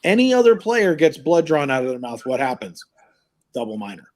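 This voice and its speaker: A man's voice: a little high, sing-song, brisk, a little mellow. A man hosting a live hockey show, ranting animatedly and incredulously in casual sports chat.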